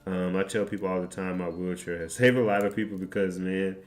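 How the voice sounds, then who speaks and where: A man's voice: sits low, steady tone, fairly quick, soft background music. A man streamer telling a story in a rambling, profane, joking way. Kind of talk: casual storytelling chat.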